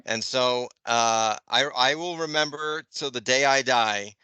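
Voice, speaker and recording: A man in his fifties, a podcast co-host, telling an animated story in casual chat and swearing freely. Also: medium pitch, a little slow, clean tone, no room sound. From Northeastern US. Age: 50s. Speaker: podcast co-host, Jets fan.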